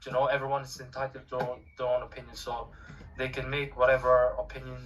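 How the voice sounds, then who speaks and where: Podcast guest: young man, bright tense voice, measured delivery, a bit off-mic. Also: mid-range voice, monotone, far from the mic, poor audio. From Ireland (grew up in Cork). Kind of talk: casual interview talk.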